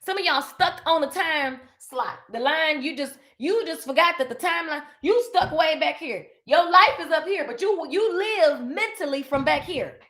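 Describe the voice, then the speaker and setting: Bright, high-voiced woman preaching to viewers. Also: moderate pace, hardly any pauses. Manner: animated, preachy, talks to viewers as "baby" and "honey". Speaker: host of a live motivational stream. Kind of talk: casual faith-based motivational talk.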